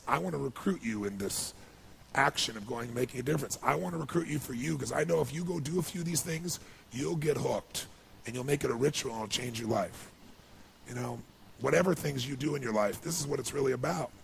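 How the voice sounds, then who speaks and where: Male motivational speaker, heavily rasped fry, mid pitch, dynamic storyteller who goes quiet then surges loud and high. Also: a little hiss or hum. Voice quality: gravelly. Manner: swings from hushed to loud and high when moved. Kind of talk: emotional storytelling speech.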